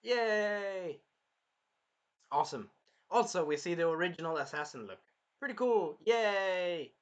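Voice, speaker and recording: Man, fairly high voice, excitable rambling recap, casual reviewer. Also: a little slow, highs cut off. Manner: excitable, rambling, jumping between plot points. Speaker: anime reviewer.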